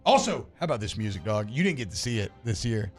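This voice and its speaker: A man co-hosting a sports radio show, joking and quick to give his opinion in casual banter. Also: lowish voice, faint music behind. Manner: animated, joking and quick to opine.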